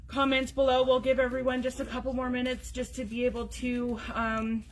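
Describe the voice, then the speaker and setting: A woman's voice: high-pitched, completely flat delivery, a little fast. A woman hosting a casual live video for a sewing store, chatty and full of fillers as she reads out class details. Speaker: sewing store staff host. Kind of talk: casual live-stream announcements.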